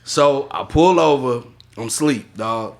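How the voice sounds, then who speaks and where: A man telling a story in casual chat, animated, laughing and swearing freely. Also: medium pitch, a little slow. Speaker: podcast co-host.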